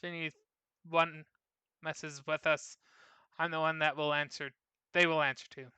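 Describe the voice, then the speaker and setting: A man's voice: on the high side, level tone, unhurried, sharp tone, clean tone, dry recording. A man reading aloud the lines of a boastful, folksy caravan trader. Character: gruff male caravan trader. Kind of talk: reading game dialogue aloud.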